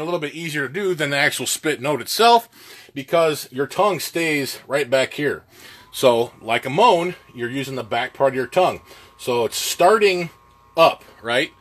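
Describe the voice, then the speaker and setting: Folksy man teaching goose calls. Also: on the high side. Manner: plainspoken, folksy, with filler words. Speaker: goose calling instructor. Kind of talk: casual instructional talk.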